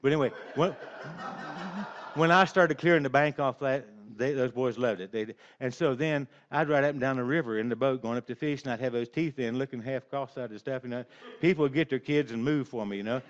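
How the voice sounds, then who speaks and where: A man's voice: medium pitch, a little fast. An older man telling a rambling, folksy personal story, chuckling along as he goes. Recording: dull lo-fi recording.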